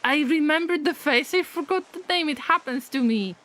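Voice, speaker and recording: A woman with a high, fairly bright voice streams a survival game at a moderate pace in casual live-stream commentary. She reacts aloud, laughs often and moos at the cows.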